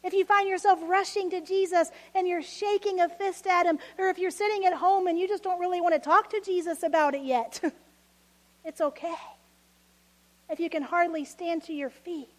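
A woman preaching a sermon, expressive and laughing often, acting out voices of people from the story. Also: sits high.

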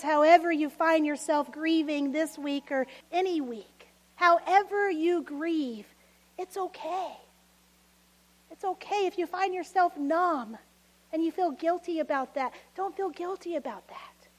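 A woman preaching a sermon, expressive and laughing often, acting out voices of people from the story. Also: extremely high pitch, a little slow.

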